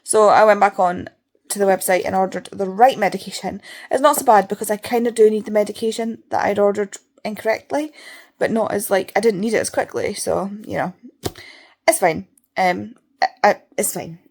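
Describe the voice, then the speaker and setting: A tired young woman talks to the camera in a loose, rambling way, her nose sniffly as she chats. Her pitch sits in an ordinary middle range. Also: moderate pace, darkish tone. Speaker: book vlogger. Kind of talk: casual reading vlog.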